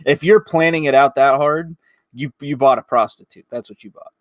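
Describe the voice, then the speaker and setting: A man's voice: fairly high pitch, moderate pace, dry recording, clean studio sound. A young man co-hosting a podcast, blunt and wisecracking in casual chat. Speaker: podcast co-host.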